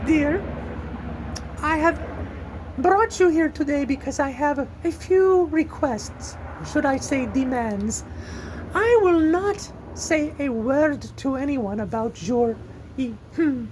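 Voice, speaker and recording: A woman's voice: high-pitched, darkish tone, slight background noise, poor audio. A woman voicing a theatrical, gushing would-be Southern belle in an amateur audio drama, with a flouncy, sugary manner.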